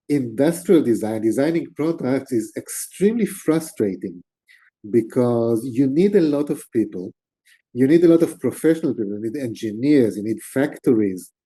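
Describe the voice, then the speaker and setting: A middle-aged man, an interview guest, telling stories in a relaxed, animated conversational way. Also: mid-range voice. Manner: animated, gestures with hands while talking. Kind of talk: storytelling in conversation.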